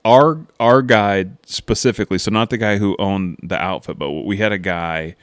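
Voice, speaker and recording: A man with a very low voice, smooth and resonant, tells hunting stories in a loose, chatty way. He rambles, gets animated and swears casually. The sound is dry and close, with no room echo. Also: normal speed. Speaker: podcast host.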